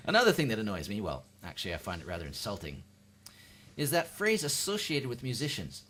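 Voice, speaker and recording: Canadian man, home stand-up comic, deadpan with lively pitch swings. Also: brisk, a little hiss or hum. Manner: deadpan, with sudden high-pitched quoted voices. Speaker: amateur stand-up comedian. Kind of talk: seated home stand-up routine. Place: at home, lives in the UK.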